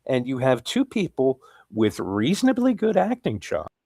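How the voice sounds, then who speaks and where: A man's voice: medium pitch, wildly swooping pitch, moderate pace, gravelly, darkish tone, slightly rough, no echo, studio quality. A man co-hosting a podcast, giving blunt, crude opinions in a casual film review chat. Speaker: podcast co-host.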